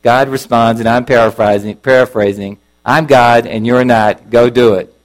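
A man preaching a sermon, earnest and openly emotional, often halting and restarting his sentences. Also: medium pitch, fairly even intonation, rough recording.

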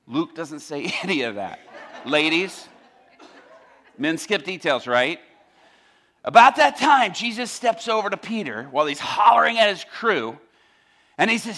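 Male preacher, high lively voice, bright and punchy, humorous storyteller. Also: measured pace, long pauses. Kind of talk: sermon.

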